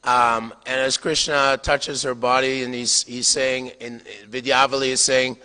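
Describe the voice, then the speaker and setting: An older man giving a storytelling scripture lecture, halting with fillers, small chuckles and throat clearing. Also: medium pitch, little pitch movement, sharp tone. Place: temple hall. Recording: long hall reverb.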